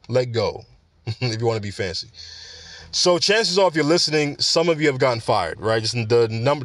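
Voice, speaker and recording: A man's voice: mid-range voice, no room sound. A young man hosting a podcast, talking casually and rambling as he addresses his listeners directly. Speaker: podcast host. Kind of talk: casual commentary.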